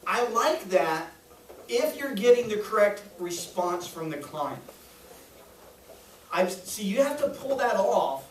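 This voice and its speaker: High-voiced man giving a jokey sales training. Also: far from the mic. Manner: jokey, keeps checking in with "right?". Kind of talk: training lecture to a group. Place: training room with an audience. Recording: echoey room recorded from afar, faint noise.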